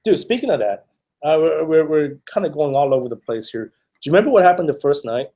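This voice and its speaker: A man with a slightly high voice co-hosts a casual podcast chat. He rambles, stacks fillers and restarts, and slips into acted-out quotes when he tells a story. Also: animated, quick pace, mellow. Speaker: podcast co-host.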